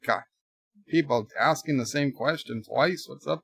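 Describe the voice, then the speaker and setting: A man hosting a casual livestream, rambling through deadpan joke answers to viewer messages in a put-on mock accent. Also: mid-range voice, measured pace, creaky, slightly rough, dry recording, clean studio sound. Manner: rambling, jokey deadpan nonsense. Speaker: livestream host.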